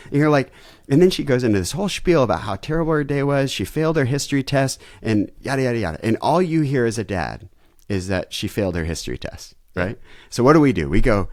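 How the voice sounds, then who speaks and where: A man's voice: medium pitch, quick pace, no room sound, studio quality. A man, a pastor, talking as a podcast guest and vividly acting out everyday family scenes. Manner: animated storyteller who acts out family scenes. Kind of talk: conversational interview.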